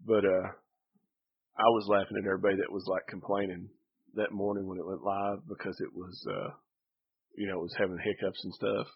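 A man's voice: deep voice, fairly even intonation, brisk, vocal fry, husky, highs cut off. A man chatting casually as a podcast co-host, laid-back and rambling. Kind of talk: casual chat.

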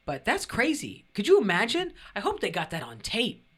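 A woman's voice: mid-range voice, normal speed, breathy edge. A woman hosting a podcast, chatting casually and slipping into mocking voices. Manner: animated, mocking put-on voices. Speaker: podcast host. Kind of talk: casual chat.

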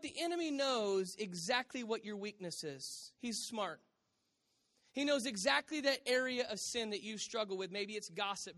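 Pastor, man, higher voice, lively stage preaching with crowd asides, handheld mic. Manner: animated preaching with audience asides. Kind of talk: sermon. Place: church stage.

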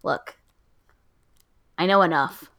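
A woman's voice: low voice, slow, fairly bright tone. A woman co-hosting a podcast, chatting casually and candidly, poking fun at herself and quoting her own reactions. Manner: candid, self-deprecating, quotes herself in asides. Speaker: podcast co-host. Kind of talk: casual chat.

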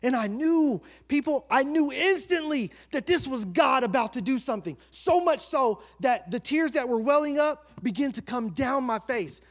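A male pastor preaching a sermon, reading scripture and telling a personal story with animated, shifting delivery. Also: extremely high pitch, moderate pace, few pauses. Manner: animated storytelling, shifting between soft and loud.

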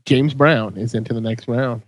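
A man's voice: mid-range voice, moderate pace, no room sound, highs cut off. A man hosting a comedy podcast, calling on each panelist in turn and announcing the matchups. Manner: moderating, calls on each panelist. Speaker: podcast host. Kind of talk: casual comedic banter.

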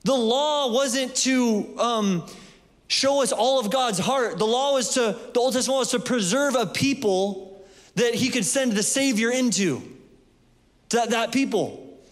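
High-voiced man preaching in a reverberant hall. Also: a little slow. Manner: passionate, conversational preaching with jokes. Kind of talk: sermon.

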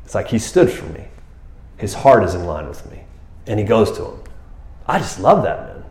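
A man giving a casual, animated sermon, talking to the listeners like friends. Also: fairly low pitch, moderate pace. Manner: animated, casual, keeps saying "man" and "you know". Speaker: preacher. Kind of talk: conversational sermon. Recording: roomy echo.

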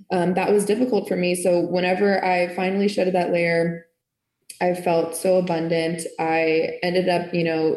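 A woman's voice: fairly low pitch, darkish tone. A woman giving a casual personal faith testimony, earnest and emotional, with lots of "like" in her speech. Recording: echoey room.

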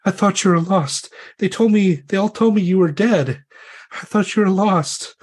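A lovestruck young noblewoman, weeping as she speaks and going over the same words again, as a man puts her on. Her voice sits well above a man's natural range and lifts higher as she cries, like a character in a spoken fantasy game. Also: normal speed, husky. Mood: weeping relief. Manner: weeping, repeating herself.

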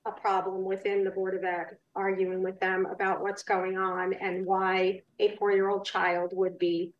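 A woman guesting as a concerned parent, speaking in an earnest, flat and steady tone. Her voice comes from away from the mic over a remote call. The audio is roomy and dull. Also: mid-range voice, recorded from a distance. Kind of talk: recounting her experience in an interview.

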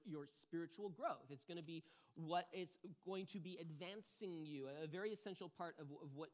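Chatty pastor giving a casual sermon. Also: medium pitch. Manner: chatty and self-deprecating, often asks "right?"; restarts and fillers like "like" and "um". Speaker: pastor teaching a discipleship series. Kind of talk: conversational sermon.

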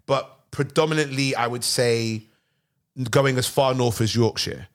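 A man with a London accent, hosting a podcast and telling stories in animated, slangy casual chat. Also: mid-range voice, measured pace. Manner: animated storytelling with slang like bruv. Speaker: podcast host.

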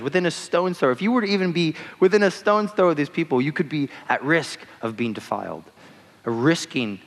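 A young adult man preaching a casual sermon in a chatty way, full of fillers like "like" and "you know". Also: on the high side. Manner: conversational, uses many fillers like "like" and "you know". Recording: long hall reverb.

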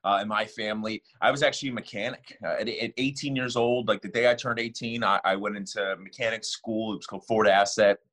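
A man as a podcast guest, relaxed and chatty, often saying "man" and "bro". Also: lowish voice, quick pace, few pauses. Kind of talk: casual interview.

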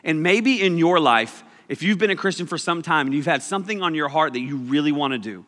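A man delivers a casual sermon, joking and storytelling with animated energy. His voice sits a bit high and sounds bright and forceful. The recording carries the long reverb of a large hall. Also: fairly quick. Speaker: preacher.

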